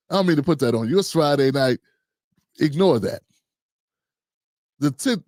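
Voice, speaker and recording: Older male streamer host, chatty and self-mocking, slightly raised pitch, dry. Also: darkish tone, no echo. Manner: joking, rambling, talks to himself. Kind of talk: casual livestream talk.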